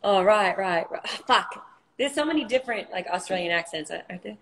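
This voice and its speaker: A woman's voice: mid-range voice, lively intonation, a little fast, a little hiss or hum, rough recording. A woman, a singer hosting her own livestream, chatting casually and playfully between songs, swearing and laughing easily.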